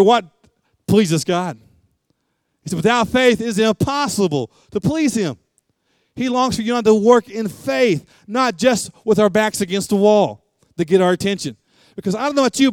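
Man in his 30s, pastor mid-sermon, impassioned and chatty, smooth resonant tone. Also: sits high, dry recording. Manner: impassioned preaching with frequent repetition and asides.

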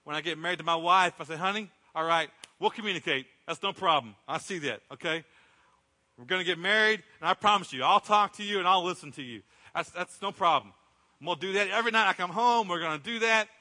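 A middle-aged male pastor preaches in a relaxed storytelling way, acting out what people said. His voice is very bright and sits a little high. The sound rings out with the long reverb of a church sanctuary. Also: fast. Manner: conversational storytelling, acts out quotes. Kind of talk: sermon.

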